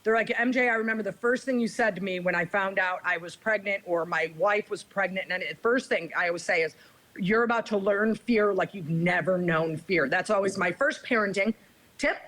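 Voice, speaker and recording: A woman's voice: medium pitch, brisk, sharp tone, poor audio. A woman guest on a recovery podcast, telling her own story in a candid, confessional way and often checking in with "right?" and "you guys".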